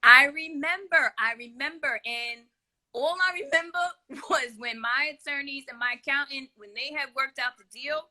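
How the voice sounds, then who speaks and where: A woman's voice: high voice, normal speed, bright, forceful tone. A woman guest in a casual interview over a video call, easygoing and candid, laughing often. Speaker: guest singer.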